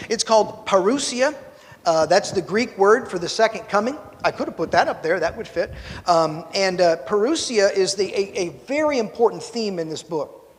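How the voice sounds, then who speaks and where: Teaching a Bible class in church, a man from rural Missouri, USA, recounts personal stories with self-deprecating remarks before rising into preachy emphasis. His high, animated voice moves at normal speed, followed by a long reverb tail.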